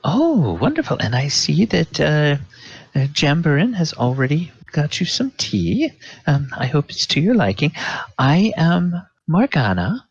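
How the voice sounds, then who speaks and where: A man's voice: fairly high pitch, wildly swooping pitch, measured pace, lo-fi sound, pitched above the performer's own voice, exaggerated voice. A man voicing a gushing, genteel female elf manicurist with a sweet, fawning manner. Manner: sweet, fawning, breathy titter.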